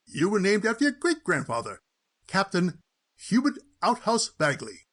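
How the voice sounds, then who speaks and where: A man's voice: high voice, huge pitch swings, normal speed, fairly bright tone, slight background noise, full character voice. A man voicing a stuffy, pompous male lawyer who reads a will in a formal, mock-polite way. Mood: solemn. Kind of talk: cartoon voice acting.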